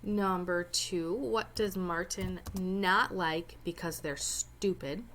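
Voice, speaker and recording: A woman's voice: lowish voice, fairly even intonation, slow, fairly bright tone, slight background noise. A woman teacher explaining a Spanish reading step by step, with chatty joking asides. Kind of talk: recorded lesson walkthrough.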